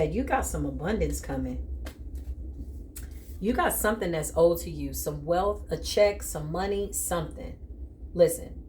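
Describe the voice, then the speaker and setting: A woman giving a casual tarot reading straight to her listener, animated and joking, often calling out "listen" and "okay". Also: fairly low pitch, background noise. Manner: animated and joking, with bursts of laughter. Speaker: tarot reader.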